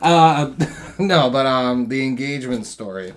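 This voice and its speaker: A young man hosting a podcast, telling stories in a casual, profane, animated way that gets loud when he is excited. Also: medium pitch, a little slow. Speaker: podcast host. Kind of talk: casual storytelling chat.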